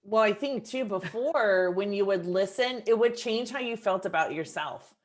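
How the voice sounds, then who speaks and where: A woman in her fifties, calmly hosting a reflective coaching conversation. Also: medium pitch, moderate pace. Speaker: coach and host.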